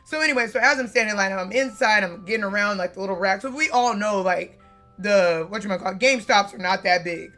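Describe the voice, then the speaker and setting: A woman vlogger chatting to her viewers in a loose, animated storytelling mode, swearing freely and leaning on fillers. Her voice is bright and edgy, with a mid pitch. Soft music runs faintly behind her. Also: quick pace. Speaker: card-collecting vlogger. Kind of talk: casual storytelling to camera.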